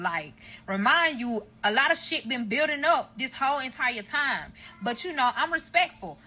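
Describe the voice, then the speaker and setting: A woman with a husky, bright voice sitting slightly high for a woman, telling her viewers a story time in a heated, profanity-laden rush. She speaks straight to the audience, casual and fired up. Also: expressive, moderate pace, few pauses.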